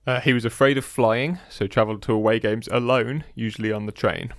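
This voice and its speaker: A young man running a quiz on a casual podcast, with a voice of middling pitch. He is chatty and teasing and laughs often between questions. The sound is dry and close, with no room echo. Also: fairly even intonation, brisk. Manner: chatty, giggly, teasing quizmaster.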